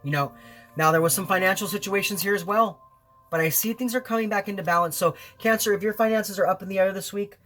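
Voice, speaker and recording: A man's voice: high-pitched, fast talker, a bit bright, faint music behind. Earnest, encouraging male tarot reader. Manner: earnest, encouraging, repeats phrases for emphasis. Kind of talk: weekly tarot reading to camera.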